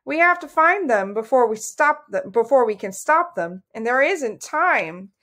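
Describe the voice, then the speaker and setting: A woman's voice: fairly high pitch, sing-song, measured pace, fairly bright tone, voice pushed up, exaggerated voice. A woman voicing an anxious young princess who sounds worried.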